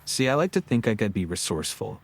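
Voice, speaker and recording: A man with a very low, deep voice narrates history on a scripted podcast. He tells it in a wry, joking way and keeps a casual, storytelling tone. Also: very animated, fast, gravelly. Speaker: co-host.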